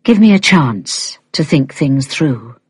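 A hesitant, troubled man speaks low and slow, as a woman reader deepens her voice for him. The tone is husky and subdued, with a dry, close sound. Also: sing-song, dry recording, full character voice. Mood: quiet.

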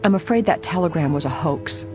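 A woman's voice: sits low, expressive, fairly quick, music in the background. A narrator reading an anxious young woman detective. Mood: worried. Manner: earnest, anxious. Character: young woman amateur detective, worried but steady.

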